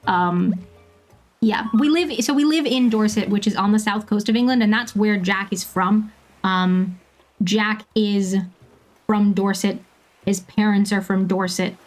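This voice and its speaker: A woman around thirty from Bermuda, chatting casually with viewers while she plays a game, laughing often and filling pauses with ums. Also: medium pitch, soft background music. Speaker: streamer.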